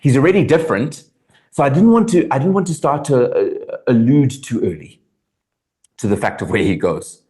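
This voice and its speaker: A South African man speaks in an interview with a lively, rising and falling delivery. He is earnest and reflective, often circling back to restart a sentence before landing his point. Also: mid-range voice, normal speed. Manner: animated, earnest, thinks aloud with restarts. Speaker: actor guest. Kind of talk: interview conversation.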